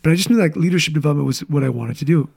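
A man in his thirties with a gravelly, slightly raised voice tells candid stories from his life in a relaxed interview chat. He talks with quick asides and restarts as the story pours out. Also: a little high. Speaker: guest, business coach.

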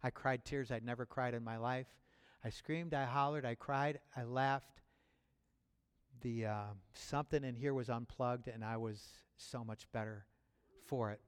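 A man preaching as a pastor, speaking in a personal, conversational way with restarts and chuckles, and building to loud fervor. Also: mid-range voice, steady tone, measured pace, clear, resonant tone. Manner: builds to loud, rising fervor near the end. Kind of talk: sermon. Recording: long hall reverb.

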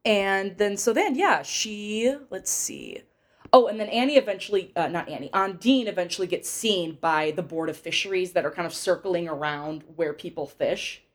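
A woman's voice: on the low side, animated, normal speed. A woman co-hosting a casual film podcast, recapping the plot in a rambling way full of fillers. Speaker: podcast co-host. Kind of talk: casual film-review chat.

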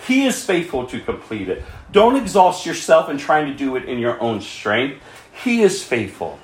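A man preaching a sermon as pastor, swinging from fervent cries to quiet pleading. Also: medium pitch, sing-song, normal speed, reverberant.

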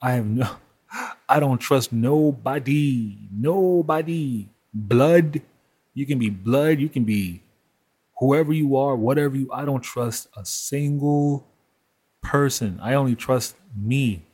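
A man's voice: medium pitch, slow pace, a little mellow, slightly rough. Solo host, man, mid-range voice, frank and profane, laughs between points. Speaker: podcast host. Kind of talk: solo monologue.

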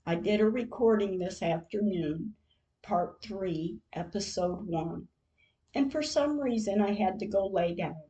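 Middle-aged woman podcaster reading her diary, slow and mellow, quiet and reflective. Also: mid-range voice, animated, lo-fi sound. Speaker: podcast host. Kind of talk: reading diary entries aloud.

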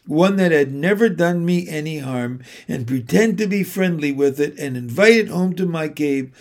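A man's voice: fairly high pitch, gravelly, a little mellow. A man voicing a weeping, remorseful male faun in a storybook reading, sorrowful and sobbing.

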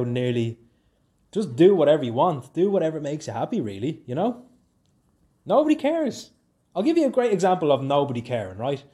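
A young man from Ireland with a Dublin accent hosts a casual solo podcast. He rambles and jokes, his pitch and volume swinging up and down.

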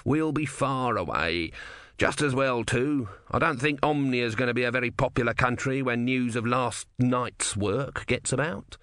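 A man's voice: medium pitch, measured pace, fairly bright tone, no echo, lightly acted. A man voicing a small god stuck as a tortoise, talking in a dry, worldly, scheming way in a storybook reading. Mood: wry. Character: small god trapped as a sardonic male tortoise.

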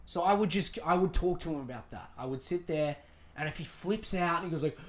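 A man's voice: on the high side, fairly quick. A man hosting a podcast, giving relationship advice in a blunt, profane, emphatic rant. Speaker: podcast host.

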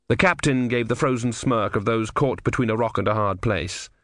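A man reading an audiobook in measured, dry storytelling narration. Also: lowish voice, a bit bright, no room sound. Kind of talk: scripted narration.

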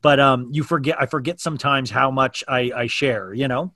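A man who hosts a daily podcast talks candidly about his life in a loose, rambling way, often restarting his sentences. His voice sits at an average pitch. The sound is dry and close. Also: fairly even intonation, normal speed, pushed and bright, dry recording. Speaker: podcast host. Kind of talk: casual chat.

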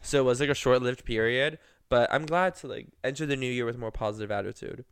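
A man's voice: mid-range voice, quick pace. A young man co-hosting a podcast, telling stories in casual chat, rambling with plenty of fillers and acting out what other people said. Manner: rambling, filler-heavy storytelling with many 'like's; animated, acts out quoted people. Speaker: podcast co-host.

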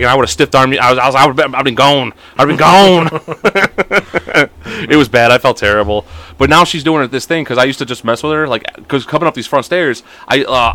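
Fast, bright-voiced man telling stories. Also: mid-range voice, no room sound. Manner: animated storyteller, swears freely, laughs often. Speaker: podcast host. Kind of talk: casual chat.

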